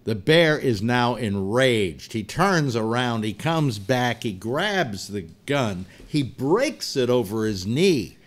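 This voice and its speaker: A man with a lively, rising and falling delivery tells a long joke as host of a casual live show. He rambles and restarts, and he acts out every turn of the story with energy. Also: medium pitch, slow, hardly any pauses.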